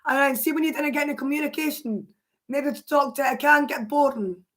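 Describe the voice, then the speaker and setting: Hoarse Scottish woman chatting on a livestream. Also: high-pitched, fairly quick, fairly bright tone. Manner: chatty, answers viewers' chat aloud. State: hoarse, voice mostly gone. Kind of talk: casual livestream chat.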